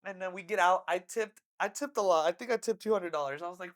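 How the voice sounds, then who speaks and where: Young podcast co-host, casual storytelling, lots of swearing, loud acted-out quotes. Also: mid-range voice, fast talker. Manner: animated, swears a lot, acts out quotes loudly.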